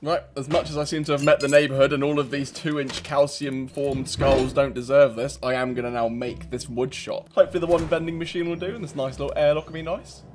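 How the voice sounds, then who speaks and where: British gaming host, male, teasing and cheeky, mid-pitched voice. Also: fairly even intonation, brisk, hardly any pauses, music in the background. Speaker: gaming YouTuber. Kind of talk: casual gameplay commentary.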